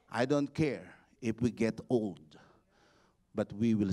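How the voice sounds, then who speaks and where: A man, a bishop preaching a sermon, building to shouted exhortations and leading the congregation in call-and-response. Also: fairly low pitch, slow pace. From Philippines.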